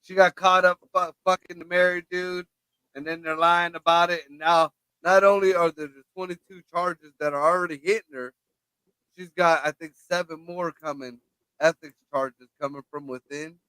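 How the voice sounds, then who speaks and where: Higher-pitched guy, bright and clear, swearing a lot on a podcast, dry sound. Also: steady tone, moderate pace, no echo, rough recording. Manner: crude, swearing, laughs easily. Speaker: guest. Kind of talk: casual podcast chat.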